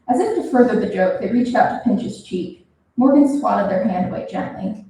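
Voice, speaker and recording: A young woman reading her own fiction aloud at a reading event, expressive and animated. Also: sits high, normal speed. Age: young adult. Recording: roomy, from a distance.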